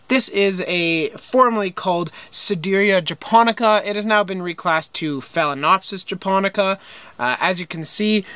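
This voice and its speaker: A man's voice: high-pitched, pushed and bright, smooth, no room sound. A young man casually touring his home greenhouse, chatting with enthusiasm and frequent fillers. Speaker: greenhouse vlogger. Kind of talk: casual plant tour.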